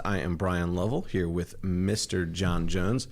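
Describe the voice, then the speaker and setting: Low-voiced man hosting a chatty podcast. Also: fairly even intonation, unhurried, a little mellow, soft background music. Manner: friendly, joking, rambling. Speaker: podcast host. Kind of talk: casual chat. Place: home office in kitchen.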